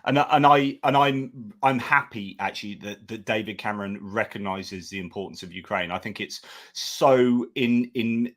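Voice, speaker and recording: A man's voice: on the low side, normal speed, few pauses, fairly bright tone. A man appearing as a guest commentator, thoughtfully building up an argument in a discussion. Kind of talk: analytical discussion.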